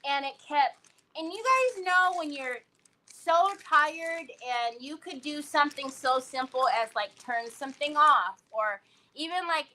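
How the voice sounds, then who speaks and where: A woman hosting a live crafting stream, chatting casually and telling animated stories as she works. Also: fairly high pitch, rough recording. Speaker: craft livestream host.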